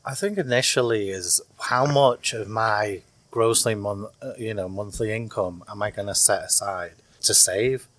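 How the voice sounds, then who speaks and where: A man's voice: lowish voice, unhurried, hardly any pauses, a bit bright. A man from the north of England with a Northern English accent, a mortgage professional guest chatting casually on a podcast.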